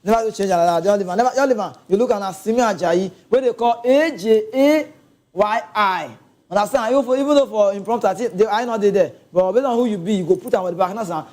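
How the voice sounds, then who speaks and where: A man with a Nigerian Pidgin accent giving a casual, animated football rant, laughing and talking straight to his viewers. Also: sits high, rapid-fire, hardly any pauses. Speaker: football commentator.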